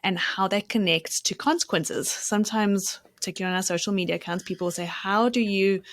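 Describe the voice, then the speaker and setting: Measured woman podcast host. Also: medium pitch, fairly even intonation, a bit bright. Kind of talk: podcast interview.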